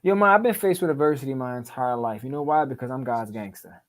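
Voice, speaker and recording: A middle-aged man tells his story in a rapid, unfiltered stream. His talk is emphatic and full of street profanity, casual and direct. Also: mid-range voice, a crowd in the background. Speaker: podcast guest.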